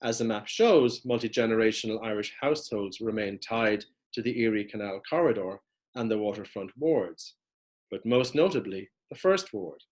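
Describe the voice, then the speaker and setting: A man's voice: on the low side, darkish tone. A man giving a prepared lecture, reading steadily from notes as he walks through maps. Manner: measured, reads from notes with map references.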